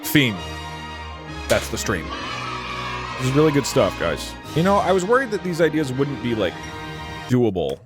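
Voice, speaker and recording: A man in his thirties hosting a live stream, excitable and mock-incredulous, laughing often. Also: mid-range voice, moderate pace, pauses often, music in the background. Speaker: streamer host. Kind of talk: casual live-stream chat.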